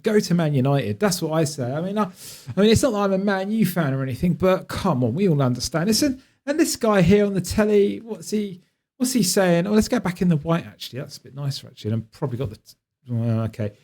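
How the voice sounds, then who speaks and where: A man hosting a fan channel, reacting to clips in a mocking, animated way and talking back at the screen. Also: high-pitched, quick pace. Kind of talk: casual reaction commentary.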